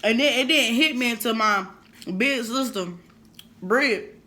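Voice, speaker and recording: A woman vlogger telling a painful personal story to camera in a halting, emotional way, holding back tears. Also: fairly high pitch, pushed and bright. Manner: emotional, halting, repeats herself.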